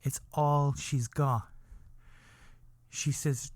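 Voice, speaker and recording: A male podcast host spins a comedic monologue at an unhurried, drawn-out pace. His voice sits in an ordinary middle register. He circles back on himself, restarts his sentences and keeps asking the listener to bear with him, all in a dry, close-sounding room. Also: mid-range voice, warm tone, no echo. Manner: rambling, keeps checking in with "okay?"; repetitive restarts, builds up slowly.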